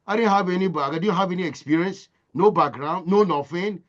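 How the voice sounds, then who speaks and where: A man's voice: high-pitched, a little fast, muffled recording. A man from Nigeria, giving a motivational talk as impassioned storytelling with emphatic repetition. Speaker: motivational speaker.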